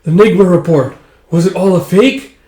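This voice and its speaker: An imperious noble ruler, as a man puts her on, raised in pitch and loud. She makes haughty, demanding challenges, and a roomy echo sits behind her voice. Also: moderate pace, close to an everyday voice.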